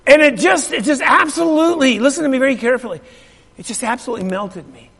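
A man's voice: very high-pitched, fast talker, fairly bright tone, breathy edge. A middle-aged male pastor telling a story in a sermon, emphatic and repeating his phrases while asking the congregation questions. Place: church sanctuary. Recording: long reverb of a large hall.

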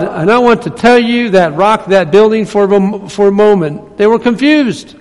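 A man with a fairly high voice preaches to his congregation in a conversational, sometimes emphatic way. His words ring out with a long church-hall reverb. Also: normal speed, few pauses, a little mellow. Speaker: pastor. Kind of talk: sermon. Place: church sanctuary.

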